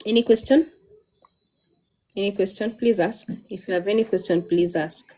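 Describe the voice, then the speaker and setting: A woman's voice: medium pitch, moderate pace, dark tone. A woman hosting a live-streamed interview, encouraging viewers to ask questions and prompting her guest. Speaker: host.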